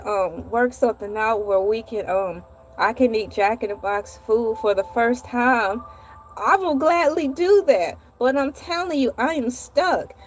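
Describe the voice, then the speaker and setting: A woman hosts a vlog and tells a comic story in an animated, playful manner. She breaks off for dramatic asides, and her voice sits a little high. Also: a little hiss or hum. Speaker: vlog host. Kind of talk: comedic storytelling monologue.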